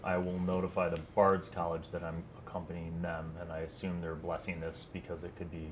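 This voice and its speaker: A young man playing a rogue in a tabletop game, wry and scheming, with halting restarts. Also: deep voice, completely flat delivery, background noise. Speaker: player. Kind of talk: casual tabletop play.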